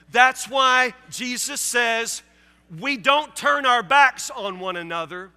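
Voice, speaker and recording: A man's voice: extremely high pitch, takes it slowly, bright, forceful tone, clean tone, big-room sound, soft background music. A male pastor preaching a sermon with emphatic repetition, acting out his listeners' objections. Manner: emphatic, repeats key phrases, acts out listeners' objections.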